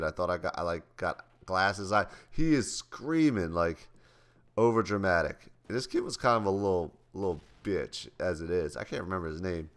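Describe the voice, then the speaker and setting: A man's voice: deep voice, fairly bright tone. A young man and vlogger, casually telling loose, profane stories with many restarts. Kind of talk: casual storytelling to camera.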